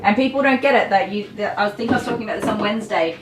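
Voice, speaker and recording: A woman's voice: mid-range voice, racing, distant mic, slight background noise. A middle-aged Australian woman who grooms dogs, chatting on a livestream in a blunt, exasperated way with mild swearing and frequent laughter. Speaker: dog groomer streaming live. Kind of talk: casual livestream chat. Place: grooming salon. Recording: echoey room, voice from off-mic.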